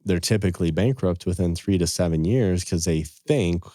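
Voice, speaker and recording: A middle-aged man with a deep, warm, mellow voice tells earnest family stories on a podcast, quoting scripture and old sayings as he goes. He is recorded up close with a dry sound. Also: moderate pace, dry recording. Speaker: financial advisor, podcast guest. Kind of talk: casual storytelling in conversation.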